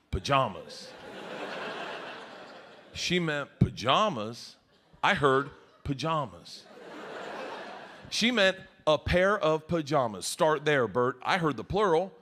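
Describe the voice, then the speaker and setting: A middle-aged male comedian with a high, swooping voice, shouting his punchlines as he tells stories on a club stage. The live recording has clear audience noise around him. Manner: loud, animated storytelling with shouted punchlines. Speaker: stand-up comedian. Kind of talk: stand-up comedy set. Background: audience laughter.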